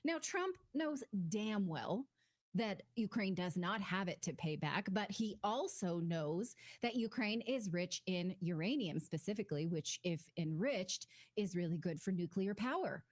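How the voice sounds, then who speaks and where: A woman's voice: medium pitch, animated, a little slow. Firm, matter-of-fact woman co-hosting news. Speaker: news show co-host. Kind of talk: conversational news commentary.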